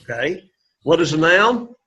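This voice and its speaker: A man's voice: on the high side, very animated, unhurried, bright, forceful tone. A man teaching an introductory Greek class, encouraging students and having them repeat words aloud. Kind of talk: classroom lecture. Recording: lo-fi classroom recording.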